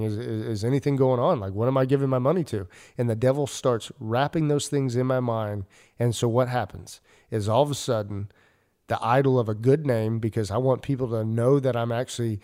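A man's voice: medium pitch, dark tone. A man, a ministry leader, preaching in an earnest, conversational way with many fillers and restarts. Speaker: ministry leader and podcast host. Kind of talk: casual preaching.

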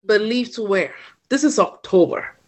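A woman from Ghana, a podcast guest, telling a personal story in an animated way and acting out the voices of the people in it. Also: mid-range voice, normal speed. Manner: animated storyteller who acts out quoted voices.

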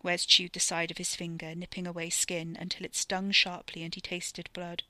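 A woman narrating a story podcast in a steady storytelling manner. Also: lowish voice, normal speed, no echo.

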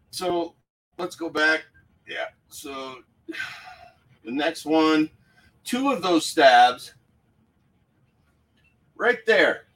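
A man's voice: on the high side, fairly bright tone, distant mic, rough recording. A man hosting a casual live stream from a room at home, fired up and profane, talking into his phone. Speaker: paranormal livestream host.

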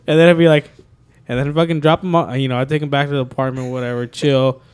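A man's voice: mid-range voice, a little mellow, clear, resonant tone. Young guy rambling a story to his buddies, lots of swearing, laughing, regular mid voice. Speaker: podcast co-host. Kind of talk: casual chat among friends.

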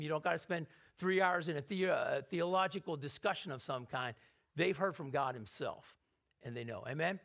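Pastor, man, high gravelly voice, energetic sermon delivery with call-and-response. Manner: repeats words, slows to read scripture. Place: church sanctuary.

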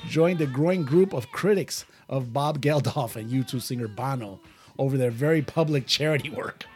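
A man's voice: medium pitch, normal speed, a little mellow, soft background music. A man hosting a casual show, rambling and laughing often as he chats. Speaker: radio show host. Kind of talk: casual chat.

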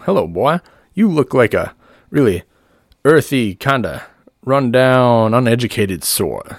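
A man playing a booming snake-oil showman doctor. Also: very animated, unhurried, no echo, studio quality. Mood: showman pitch. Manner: booming carnival barker pitch, bossy and sly.

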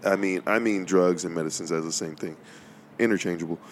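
A man's voice: low-pitched, fairly even intonation, fairly quick. A young man talking casually about faith and his life as a podcast host, rambling and repeating words, with plenty of informal slang. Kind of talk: casual faith-based monologue.

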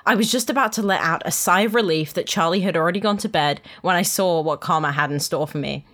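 A woman's voice: fairly low pitch, fast, a bit bright. A young woman and podcast co-host reading a fan fiction aloud in the first person, dramatic, with amused asides in the chat. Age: young adult.

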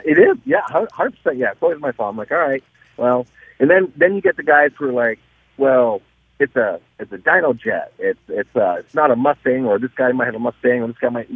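Husky man on a phone line. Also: medium pitch, no room sound. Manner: animated storyteller, many restarts. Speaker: guest, dyno shop owner. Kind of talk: casual radio interview.

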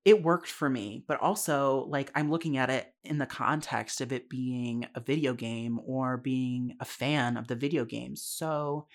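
Speaking unhurriedly with hardly any pauses, this young adult podcaster delivers a casual solo film review in a medium-pitched voice. The talk is candid and chatty, peppered with fillers, asides, frequent laughter and plenty of swearing.

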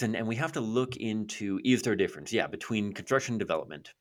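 A man's voice: lowish voice, lively intonation, racing, few pauses. A man co-hosting a podcast from his office, explaining a point casually with everyday examples. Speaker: pro-life podcast co-host. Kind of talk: casual discussion. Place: office in Calgary.

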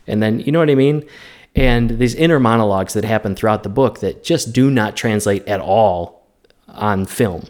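A man co-hosting a film podcast, giving opinionated, animated takes in casual chat. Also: lowish voice. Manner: opinionated, animated film talk with quick asides. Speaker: podcast co-host.

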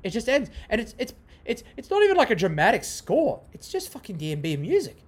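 High-pitched and slightly rough, this young man's voice swoops wildly in pitch as he talks fairly quickly. Hosting a podcast, he rambles casually, swears, repeats himself, and follows tangents.

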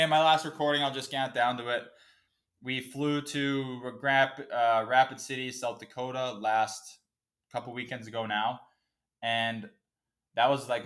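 A man's voice: mid-range voice, a bit bright. A man hosting a casual solo podcast, ranting in a profane, emotional, fired-up way. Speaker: podcast host.

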